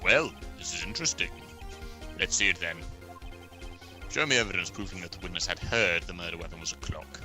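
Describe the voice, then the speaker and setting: A smug, cold male prosecutor, played by a man in a game fan dub, speaking in formal, haughty courtroom phrases. His voice sits low and moves quickly, with clear game music playing behind. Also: close to an everyday voice.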